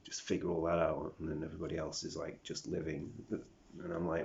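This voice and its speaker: A very deep, heavily gravelly man with a British accent who grew up in South Africa, rambling through a confessional video diary. He mumbles, swears freely and slips into whispers. The recording sounds dull and lo-fi. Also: fairly even intonation, fast talker, a little mellow. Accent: British, picked up over a South African upbringing. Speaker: vlogger.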